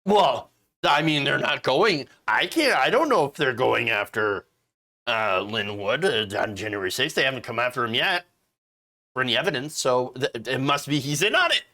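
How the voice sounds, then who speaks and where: A man hosts casual political commentary. His delivery is sarcastic and full of mockery. His pitch swings widely as he talks. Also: lively intonation, moderate pace, bright, forceful tone. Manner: sarcastic, mocking voices of opponents.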